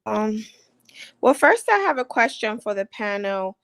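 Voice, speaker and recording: A woman's voice: a little high, big pitch swings, a little slow, gravelly, fairly bright tone, dry recording. A woman speaking as a panelist in a casual discussion, hesitant with many fillers and sounding impatient.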